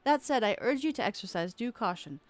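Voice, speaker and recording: A woman's voice: on the high side, animated, fairly quick, lightly acted. A woman reading a stern game commander. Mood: grave. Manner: formal, old-fashioned read dialogue. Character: stern military commander, formal and measured.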